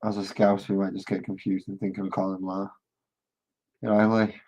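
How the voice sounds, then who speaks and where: A man with a deep, slightly husky voice talks casually to his live-stream viewers as he paints. He rambles from one thought to the next and jokes with the chat. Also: flat delivery, normal speed, warm tone, lo-fi sound. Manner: rambling, joking, chats with viewers.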